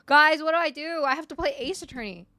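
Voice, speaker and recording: Young woman streamer, bright voice, dry close mic, chatty with chat, voice wearing thin. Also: high voice, quick pace, no room sound. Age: 20s. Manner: chatty, greets viewers one by one. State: voice giving out, coughing. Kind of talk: casual live-stream chat. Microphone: desk streaming mic.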